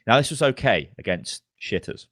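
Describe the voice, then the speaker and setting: A man's voice: mid-range voice, normal speed, dry recording, studio quality. A young man co-hosting a gaming podcast, telling stories with lots of laughing and swearing. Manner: laughing, swearing, animated storytelling. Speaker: podcast co-host. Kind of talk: casual gaming chat.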